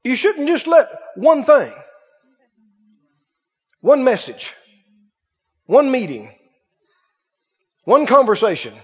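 A man preaching a sermon, swinging between hushed and loud and asking rhetorical questions. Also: very high voice, sing-song, slow pace, pauses often, breathy edge. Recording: dull reverberant hall sound.

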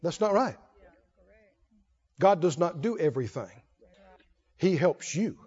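A man's voice: on the high side, animated, slow pace, darkish tone, breathy edge, lo-fi sound. A man preaching a sermon, asking questions and answering them in a folksy, call-and-response way.

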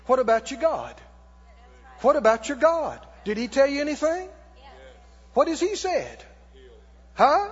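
A male pastor preaching a sermon in a church, animated, with mock laughter and shouts. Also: extremely high pitch, normal speed, long pauses, husky, long reverb tail, dull audio.

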